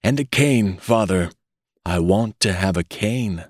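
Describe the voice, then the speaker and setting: A man voicing a querulous old man who has just been born, speaking in a whining, quavering voice, higher than his own. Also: expressive, slow pace, no room sound, studio quality, heavily acted. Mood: demanding.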